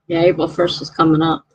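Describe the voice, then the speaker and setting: A woman's voice: medium pitch, a little mellow, slightly rough, lo-fi sound. A woman hosting a live stream, chatting casually and reading out viewer comments in a rambling way.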